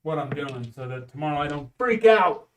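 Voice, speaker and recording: A man's voice: a little high, lively intonation, moderate pace, recorded from a distance. A man casually chatting on a live stream at home while practicing craps, calling out rolls and bets.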